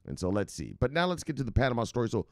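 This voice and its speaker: A man's voice: medium pitch, very animated, very fast, dry recording, studio quality. An American man hosting a crypto news show in casual, profane, rambling commentary with mock dramatic voices.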